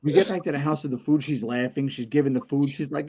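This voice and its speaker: A man's voice: medium pitch, steady tone, fast, a little mellow, husky. A man on a podcast spins a personal story in loose, casual chat. He acts out every voice in it and swears freely, in an ordinary mid-range voice. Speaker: podcast co-host.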